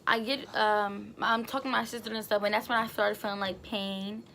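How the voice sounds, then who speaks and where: A woman's voice: mid-range voice, fairly even intonation, brisk, creaky, pushed and bright, slight background noise. A young woman telling a casual story as a vlogger, chatty with lots of fillers.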